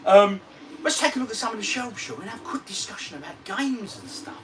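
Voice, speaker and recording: Chatty man in his forties, lively. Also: high-pitched, a little fast. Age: 40s. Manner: chatty, matey, reads out viewer comments. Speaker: retro gaming vlogger. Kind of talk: casual livestream chat. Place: home games room. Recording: distant mic with faint ambient noise.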